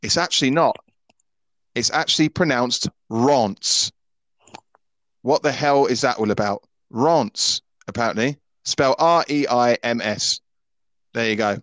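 A man's voice: mid-range voice, moderate pace, fairly bright tone, dry recording. A Scottish man in his thirties hosting a football podcast in casual chat. He is opinionated and often stammers and restarts his sentences. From Scotland. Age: 30s.

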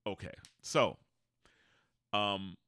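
A man with a lowish voice draws out his words, his tone clean and the studio recording free of room sound. He co-hosts a podcast, spinning a long, casual story with animated energy and acting out the voices of the people in it.

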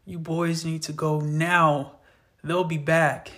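A man voicing a badly wounded dying father who speaks slowly in a strained, pained voice. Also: fairly high pitch, level tone, bright, forceful tone. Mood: pained, pleading. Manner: slow, strained, pained pleading.

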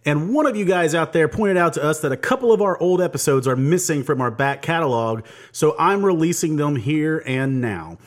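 A man's voice: on the high side, animated, normal speed, hardly any pauses. A young man hosting a podcast in casual, upbeat chat, often laughing. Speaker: podcast host.

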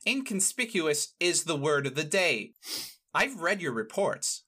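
A man's voice: on the high side, big pitch swings, a little slow, bright, forceful tone, slightly rough, pitched above the performer's own voice, full character voice. A man voicing a stern female naval lieutenant briefing recruits in a tabletop game. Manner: briefing, firm and instructive.

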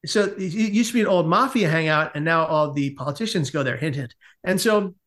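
A man's voice: on the high side, a little fast, fairly bright tone. A man, a podcast guest, telling a long comic story in casual conversation and acting out the quotes as he goes.

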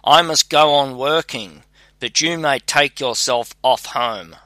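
Man voicing a scolding old woodcutter, gruff, storybook father, sharp bright tone, slow. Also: mid-range voice, dry recording. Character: irritable old male woodcutter, a poor father.

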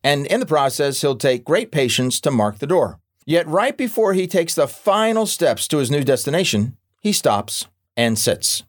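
A man narrating a nonfiction audiobook in a wry, gently humorous and measured way. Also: a little high, very animated.

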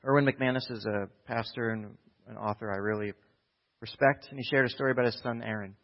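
Man from New Jersey preaching a sermon, middle pitch, shifting between soft asides and rousing calls, muffled lo-fi sound. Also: fairly even intonation, a little fast. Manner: conversational, swings from quiet asides to loud exhortation. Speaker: pastor.

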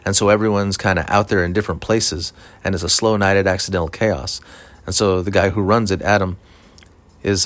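A man, a stand-up comedian, telling a story in a rambling, profane, casual way with lots of fillers. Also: sits low.

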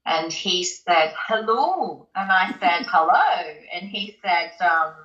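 A woman's voice: fairly low pitch, steady tone, slow, sharp tone. A woman from the UK, a guest in an interview, tells a personal story in a chatty way, with many ums and restarts. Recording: roomy, slightly dull recording.

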